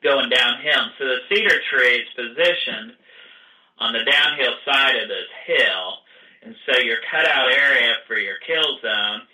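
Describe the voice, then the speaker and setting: A man tells how his hunt went in a plain, steady manner. His voice is bright. He sits back from the microphone, so the room echoes around him. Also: medium pitch, unhurried, recorded from a distance. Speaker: guest hunter. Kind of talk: casual storytelling.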